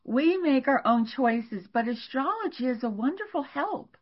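Husky older woman telling stories, lo-fi. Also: high voice, a little slow. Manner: animated, laughs while telling stories. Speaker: guest astrologer. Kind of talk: storytelling in a podcast interview. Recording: dull lo-fi recording.

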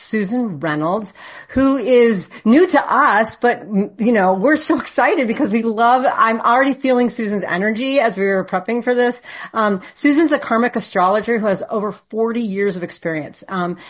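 A woman hosting a podcast, chatty and encouraging, with many fillers as she introduces and questions a guest. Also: mid-range voice. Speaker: podcast host. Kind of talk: hosting an interview. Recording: dull lo-fi recording.

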